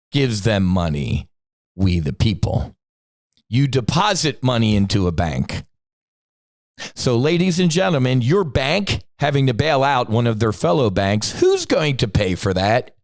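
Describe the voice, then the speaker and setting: A man's voice: medium pitch, sing-song, unhurried, no room sound, studio quality. A middle-aged man hosting a podcast, delivering a blunt, profane, combative rant with sudden emphatic bursts. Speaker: podcast host.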